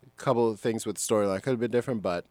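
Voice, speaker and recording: A man's voice: on the low side, very fast, darkish tone, no echo. A man co-hosting a podcast in casual chat, rambling along, chuckling often and trailing off. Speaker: podcast co-host.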